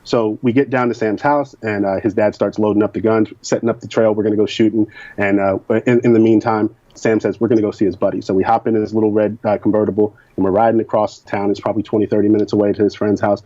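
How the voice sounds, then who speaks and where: Candid male interview guest from Kentucky, low mellow voice, dull lo-fi sound. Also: flat delivery, fast talker, no echo. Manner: candid and frank. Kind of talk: recounting personal experiences. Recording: dull lo-fi recording.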